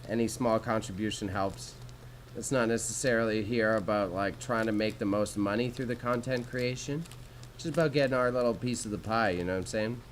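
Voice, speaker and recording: A man's voice: lowish voice, brisk, a little hiss or hum, low-quality recording. A young Canadian man with a Canadian accent, chatting casually and with slang to viewers during a livestream while he sorts jewelry. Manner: laid-back, slangy, swears casually, chats with viewers.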